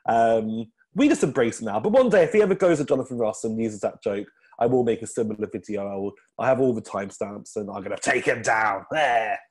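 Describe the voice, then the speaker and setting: A man's voice: fairly low pitch, expressive, fairly quick, hardly any pauses, breathy edge. Rambling man, guest comedian. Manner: rambling, many ums and restarts. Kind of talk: casual interview chat.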